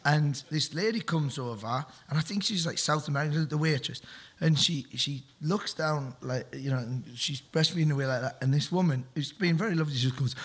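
A man, a comedian guest, telling rambling, animated stories and laughing as he goes. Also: on the high side, quick pace, a little hiss or hum. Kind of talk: anecdotal chat.

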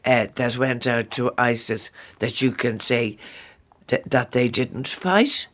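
A man's voice: mid-range voice, steady tone, slow, fairly bright tone. A man hosting a radio panel discussion, conversational, with stumbling restarts. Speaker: radio host.

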